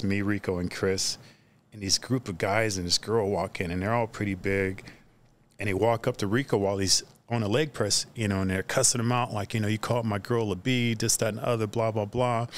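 A man telling stories in a casual podcast chat, animated, acting out the people in his stories. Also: lowish voice, slight background noise. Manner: animated storyteller who acts out the other people in his stories loudly. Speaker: podcast guest.

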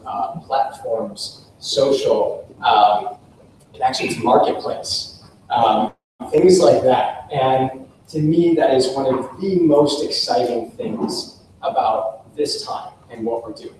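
A man's voice: mid-range voice, darkish tone, slight background noise. An American man giving an informal workshop talk, enthusiastic and effusive, with frequent fillers. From United States. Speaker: workshop speaker. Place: workshop room. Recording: echoey room, voice from far off.

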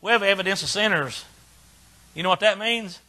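Older man, baptist preacher, fiery sermon, very high pitch, bright edge. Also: brisk. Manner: folksy, preaches in short punchy bursts that swing from quiet to shouting.

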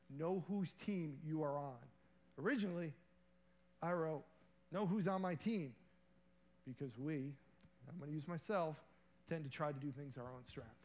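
A man preaching from a church platform with a slightly higher than usual voice. His delivery is earnest and conversational, and he reaches for homely analogies to make his point. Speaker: guest preacher. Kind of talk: sermon.

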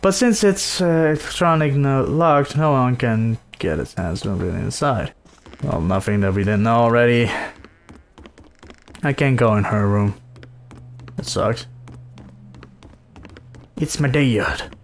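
A man from the Netherlands giving excitable, swearing gameplay commentary. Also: mid-range voice, takes it slowly, pauses often, a little hiss or hum. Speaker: gamer.

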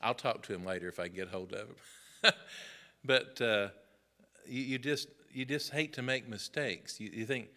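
A man's voice: on the low side, measured pace, sharp tone. A middle-aged man teaching Sunday school, preaching on a Bible passage with folksy asides and mock back-and-forth with his listeners.

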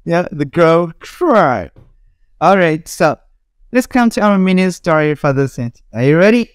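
A young woman teacher drills English words for children in a classroom lesson, repeating each word and laughing between examples. Her voice is lowish with big pitch swings and an unhurried pace. The recording is dry and studio quality.

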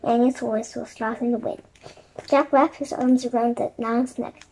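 A woman reading a children's chapter book aloud in soft, quiet narration. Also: a little high, fairly even intonation, normal speed, slight background noise, poor audio. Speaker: storybook reader.

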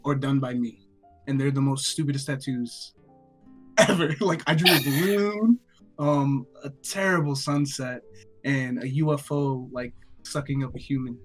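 A young man chats in a laid-back, rambling way with plenty of slang, at a mid pitch. Faint music hums underneath. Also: steady tone, unhurried. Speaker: dating show contestant. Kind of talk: casual chat.

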